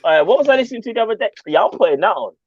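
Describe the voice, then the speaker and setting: A man's voice: very high-pitched, very animated, rapid-fire, gravelly, breathy edge. A man, co-hosting a casual fan chat, joking and slangy. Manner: joking, slangy, repeats phrases. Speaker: podcast co-host. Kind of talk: casual banter. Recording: dull lo-fi sound, dry.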